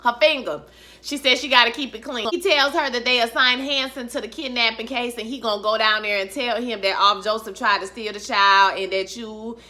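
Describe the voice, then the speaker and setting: A woman casually recapping a TV episode in a chatty, animated, profane way, calling viewers honey and child. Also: fairly high pitch, a little fast. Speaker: vlogger recapping a TV series.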